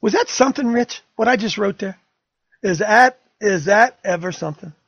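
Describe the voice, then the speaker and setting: A man's voice: high voice, moderate pace, fairly bright tone, husky, no room sound, highs cut off. An older man hosting a talk radio show, fiery, emphatic and rambling.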